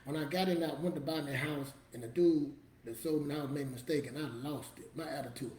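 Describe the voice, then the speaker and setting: A man's voice: fairly high pitch, steady tone, quick pace, echoey room, background noise. A man giving a motivational talk to camera in a preachy, emphatic, street-casual storytelling manner. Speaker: motivational vlogger.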